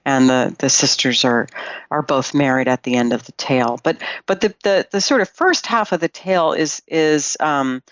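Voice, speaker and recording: A woman's voice: very deep voice, moderate pace, no room sound, highs cut off. A woman guest on a podcast, a Jungian analyst, retelling a fairy tale in a thoughtful way with frequent fillers.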